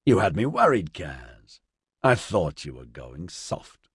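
A man's voice: low-pitched, very animated, slow pace, slightly rough, dry recording, clean studio sound, exaggerated voice. A man voicing a brash young man who teases and mocks his friend in a storybook reading. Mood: teasing. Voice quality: mocking.

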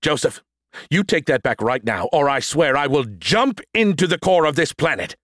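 A man's voice: fairly high pitch, big pitch swings, moderate pace, fairly bright tone, dry recording, clean studio sound, pitched above the performer's own voice. Man voicing a snarky arrogant alien AI. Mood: scornful. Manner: snarky, insulting, theatrical. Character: arrogant sarcastic male alien AI. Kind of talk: audiobook character voice.

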